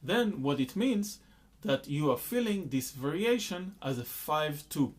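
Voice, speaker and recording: A man's voice: fairly high pitch, lively intonation, measured pace. A man teaching a rhythm lesson, patiently explaining beats and counting rhythm syllables aloud. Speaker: music teacher.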